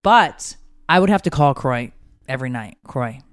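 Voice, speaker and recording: Blunt, animated woman chatting. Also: rumbling low, moderate pace. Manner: animated, blunt, swears freely. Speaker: podcast co-host. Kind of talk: casual chat.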